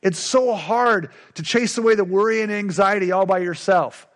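A man's voice: high voice, moderate pace. A middle-aged male pastor preaching a sermon with emphatic, repetitive call-and-response lines.

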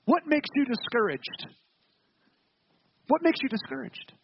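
A man's voice: very high-pitched, animated, measured pace, vocal fry, lo-fi sound. A man preaching a sermon as pastor, earnest and emphatic, with rhetorical questions and repeated words.

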